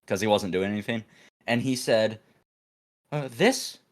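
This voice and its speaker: A young man, a podcast co-host, telling a work story in a rambling, animated way, full of restarts and acted-out quotes. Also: on the low side, brisk. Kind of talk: casual storytelling chat.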